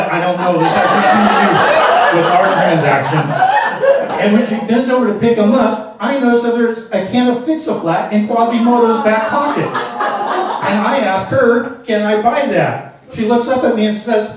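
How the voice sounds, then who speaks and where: A man's voice: high-pitched, very noisy. A man performing a stand-up comedy set, telling a story with incredulous rants. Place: comedy club stage. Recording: echoey live venue from a distance. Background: audience laughter.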